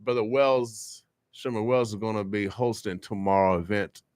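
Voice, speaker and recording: Brief: male morning-radio host, animated hype talk, low-ish voice, dry booth. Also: moderate pace, dry recording. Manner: animated, hype community announcements.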